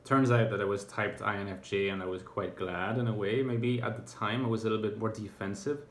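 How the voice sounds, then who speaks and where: A man's voice: fairly low pitch, fairly even intonation, brisk. A man talking to camera in a reflective, casual monologue, thoughtful and hesitant, with many fillers and restarts. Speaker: YouTuber. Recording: echoey room.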